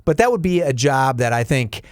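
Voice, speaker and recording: Brief: middle-aged male co-host, wry and joking, very expressive pitch, dry close sound. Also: normal speed, dry recording. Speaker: radio show co-host. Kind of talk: casual chat.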